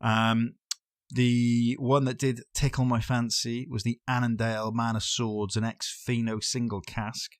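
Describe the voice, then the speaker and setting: A man with an ordinary mid-range voice, chatty and quick to laugh, recounting things casually as a podcast co-host. The sound is close and dry. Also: medium pitch, little pitch movement, dry recording. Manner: chatty, easily amused. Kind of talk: casual chat.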